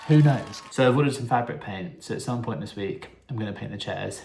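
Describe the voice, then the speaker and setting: A young man hosting a casual home vlog, playful and camp, breaking into sudden squeals of excitement. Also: on the low side, a little fast, gravelly, slight background noise. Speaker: vlog host.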